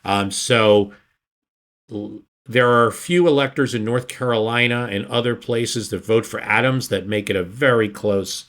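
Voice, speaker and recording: Male podcast guest, lowish voice, easy rambling history talk that often restarts its sentences. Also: unhurried, a bit bright. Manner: rambling, self-correcting explainer. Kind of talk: casual history discussion.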